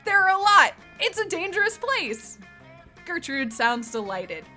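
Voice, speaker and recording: A young woman plays a game on stream, reading its narration aloud between jokes. Her voice sits high and sounds bright and animated. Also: measured pace, faint music behind. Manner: animated, laughing, reads narration. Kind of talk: casual chat and reading game text aloud.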